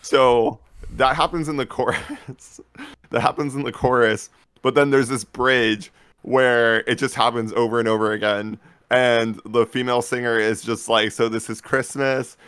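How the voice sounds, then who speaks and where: A man co-hosting a casual podcast, rambling through stories in an animated way and laughing often. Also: mid-range voice, a little slow, clear, resonant tone, no room sound. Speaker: podcast co-host. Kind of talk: casual chat.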